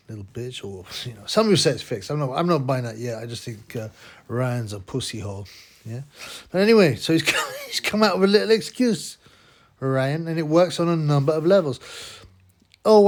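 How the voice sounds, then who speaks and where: A man in casual, crude, mocking boxing commentary, rambling with many restarts. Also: a little high.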